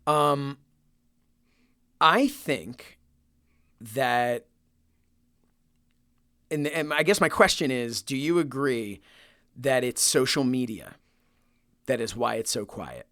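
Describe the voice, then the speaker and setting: A man's voice: mid-range voice, lively intonation, slow pace, pauses often, fairly bright tone, dry recording, studio quality. A young man co-hosting a podcast in casual chat, who laughs often and rambles with plenty of fillers. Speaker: podcast co-host.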